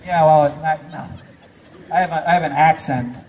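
A man's voice: a little high, steady tone, normal speed, a little mellow, a little hiss or hum. A man performing as a stage hypnotist, giving playful commands to volunteers and laughing often. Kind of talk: live stage show patter. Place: live theater stage. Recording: distant live stage sound.

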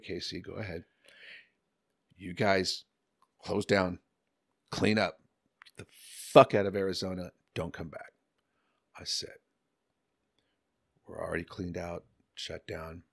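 A middle-aged man telling a story in a casual chat, animated and profane, acting out the people he quotes. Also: deep voice, a little slow, creaky, long pauses, slightly rough. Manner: animated, swearing, acts out quotes in other voices. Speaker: podcast guest.

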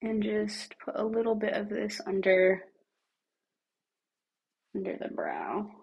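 A woman talking through her makeup on a livestream, her voice gravelly and raspy like a smoker's from a cough that hangs on. She chats casually and thinks out loud as she works, her pitch sitting at a mid level. Now and then she drops almost to a whisper. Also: level tone, slow pace, dull audio. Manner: chatty, thinks aloud while working, drops to near-whispers. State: lingering cough. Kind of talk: casual makeup tutorial chat.

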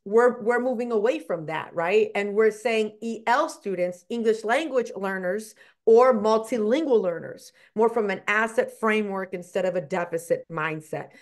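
A woman educator from Chicago speaking earnestly over a video call, stressing her points and checking in with "right?". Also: mid-range voice. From Chicago, USA. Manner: earnest, emphatic, with frequent "right?". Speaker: educator and guest. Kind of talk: casual video chat.

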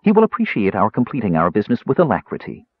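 A man voicing a proud woman cleric who speaks crisply, coldly and formally. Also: fairly low pitch, huge pitch swings, fast, no room sound, exaggerated voice. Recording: dry, slightly dull recording.

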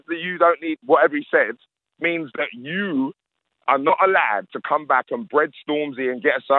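A man's voice: fairly high pitch, dry recording, phone-quality sound. A man, a radio interview guest who rants emphatically and repeats his points. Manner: ranting, emphatic, repeats himself. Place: radio studio.

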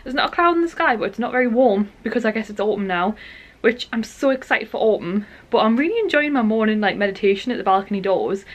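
A woman's voice: a little high, expressive, quick pace. Bubbly chatty woman vlogging. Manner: bubbly, chatty, full of fillers. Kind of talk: casual vlog chat. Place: at home indoors.

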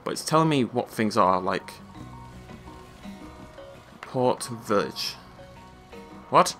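A man narrating his own gameplay in a loose, chatty way, dry and amused as he talks to himself. His voice is bright and lively, rising and falling a lot. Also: on the low side, slow pace, faint music behind. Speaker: let's play gamer. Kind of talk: casual gameplay commentary.

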